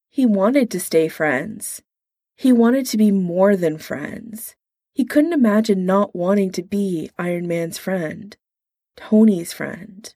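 A woman reading a story aloud in a calm, measured way. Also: on the low side, no echo, studio quality. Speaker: narrator.

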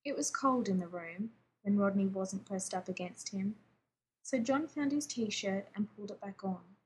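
A woman reading fiction aloud in a steady, even narrating voice. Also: medium pitch, moderate pace, slight background noise.

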